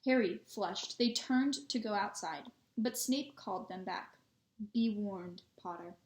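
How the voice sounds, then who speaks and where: A woman reading a children's book aloud in steady storytelling narration, in an echoey room. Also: mid-range voice, unhurried. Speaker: reader.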